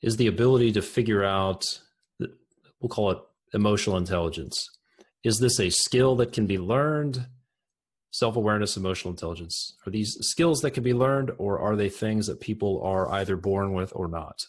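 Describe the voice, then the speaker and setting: A man hosts an interview podcast, his voice sitting a bit low. He asks thoughtful questions in an easy conversational way. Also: moderate pace. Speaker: podcast host.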